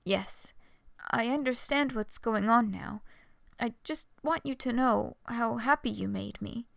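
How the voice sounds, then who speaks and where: A woman voicing a gentle, devoted alien woman who talks softly and tenderly, read aloud from a story. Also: a little high, unhurried, creaky, no echo, studio quality.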